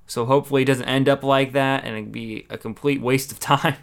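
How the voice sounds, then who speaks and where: A man's voice: medium pitch, steady tone, fairly quick, gravelly. A man giving a casual, opinionated recap of a wrestling show, with exasperated asides.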